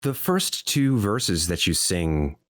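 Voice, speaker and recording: A man narrating a tabletop game as dungeon master, telling the scene in an expressive, descriptive way. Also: low-pitched, slow pace, dry recording, studio quality.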